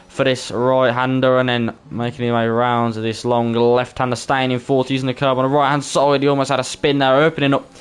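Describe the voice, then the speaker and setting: A Brummie man commentates live on a streamed online racing league, chatty and quick to laugh, often stumbling over names. His mid-range voice is clear and resonant, with little pitch movement, a slightly fast pace, and almost no pauses.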